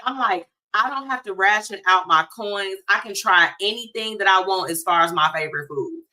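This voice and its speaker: A woman hosting a radio talk show, chatting in a lively, casual way and speaking straight to her listeners. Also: fairly low pitch. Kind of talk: casual chat segment.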